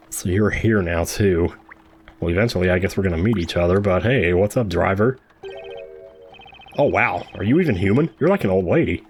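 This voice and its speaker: A man's voice: sits low, lively intonation, normal speed, a little hiss or hum. A man chatting casually and joking while playing through a game for the first time. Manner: chatty, joking, reacts with laughs. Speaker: game streamer. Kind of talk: casual blind playthrough commentary.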